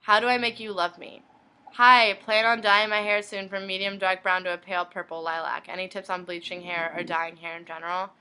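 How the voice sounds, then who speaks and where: Young woman reading her inbox messages out loud, bright crisp voice, very clean sound. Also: mid-range voice, level tone, a little fast. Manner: reads each message in turn, plainly. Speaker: blogger.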